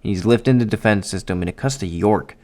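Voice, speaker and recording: A man doing a casual, excitable manga chapter readthrough for his viewers, swearing often and talking straight to them. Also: lowish voice, fast talker. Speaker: anime and manga YouTuber.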